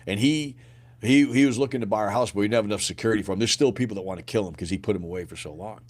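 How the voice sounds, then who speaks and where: A podcast guest who is a grieving father, this middle-aged man from the US races through a painful personal story in a lowish voice. He's blunt and casual about it, peppering his speech with slang and swear words.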